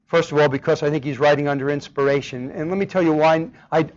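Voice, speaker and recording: A man's voice: on the high side, steady tone, fast. A man preaching a sermon with emphasis, often asking the congregation rhetorical questions. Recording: dull lo-fi recording.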